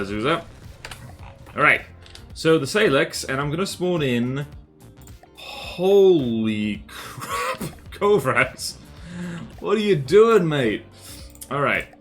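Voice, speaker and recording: Aussie male streamer, animated voice that swings up and down, chatty and jokey, faint music behind. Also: mid-range voice. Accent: Australian. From Australia. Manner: chatty, jokey, quick to laugh. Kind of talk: casual live-stream chat over gameplay.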